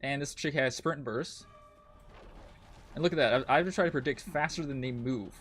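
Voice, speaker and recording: A man's voice: mid-range voice, normal speed, fairly bright tone, soft background music. A man streaming a game, ranting in frustration and swearing a lot as he comments on his play. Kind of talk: live gameplay commentary.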